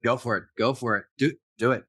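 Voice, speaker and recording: A man co-hosting a podcast in casual chat, relaxed as he explains details from the books. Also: mid-range voice, quick pace, no echo. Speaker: podcast co-host.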